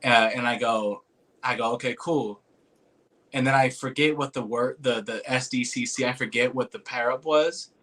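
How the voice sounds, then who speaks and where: A medium-pitched, slightly bright voice at normal speed carries his rambling personal tale. Peppered with "like," "dude," and free swearing, his talk becomes earnest and emotional whenever he recalls something moving.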